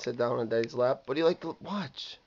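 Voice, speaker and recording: Gentle coaxing father, muffled home video. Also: mid-range voice, fairly quick, a little hiss or hum. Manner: gentle, coaxing, repeats questions.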